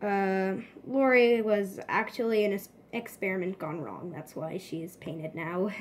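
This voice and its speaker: A woman's voice: mid-range voice, unhurried, a little hiss or hum. A woman hosting a homemade toy pet award show, announcing each category in a casual, hesitant way. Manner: casual, hesitant, clears throat.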